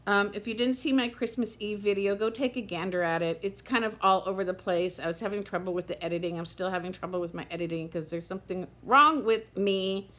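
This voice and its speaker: A woman's voice: mid-range voice, a little fast, hardly any pauses, a bit bright. A woman in her fifties talking candidly to camera in a chatty vlog, tired and close to tears. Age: 50s. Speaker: vlogger. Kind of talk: casual chat to camera.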